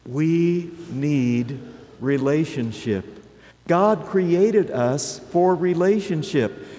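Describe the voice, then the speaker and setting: A man in his seventies delivering a sermon, slow and deliberate, with rhetorical questions for the congregation. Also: on the high side, warm tone, big-room sound. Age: 70s. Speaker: preacher.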